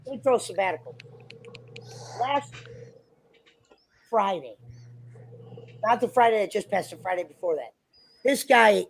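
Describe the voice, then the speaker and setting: A man's voice: sits high, expressive, unhurried, vocal fry, long pauses. A man chatting on a livestream in a rambling, argumentative, profane way. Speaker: stream guest. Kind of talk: casual livestream chat.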